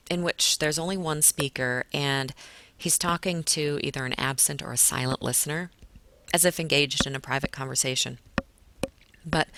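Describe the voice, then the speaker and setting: A woman's voice: low voice, fairly bright tone. A woman teacher giving pre-reading notes on poetry to her class, explaining patiently with many fillers. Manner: patient explaining, stretches words to show stress.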